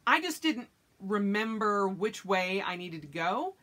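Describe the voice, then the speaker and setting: Bright-voiced chatty woman vlogger. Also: big pitch swings, unhurried. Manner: chatty storyteller, acts out her own reactions in high yelps. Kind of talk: casual chat.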